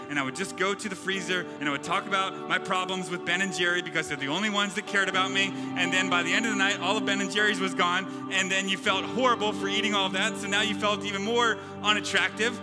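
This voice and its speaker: A pastor with a notably high voice preaches with emphatic, rhythmic repetition, stacking phrase after phrase. His words ring out with a long echo through a large hall. Music plays clearly underneath. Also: steady tone, fast talker, hardly any pauses. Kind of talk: sermon. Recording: reverberant hall with background music.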